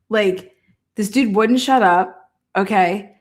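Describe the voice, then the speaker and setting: A woman hosting live trial commentary, talking in an animated, profane way and laughing often. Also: fairly high pitch, moderate pace.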